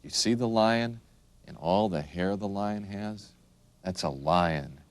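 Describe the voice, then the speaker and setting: A man teaching young children the names of animals in a slow, sing-song way, making the animal sounds. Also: fairly low pitch, dry recording. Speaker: children's video narrator.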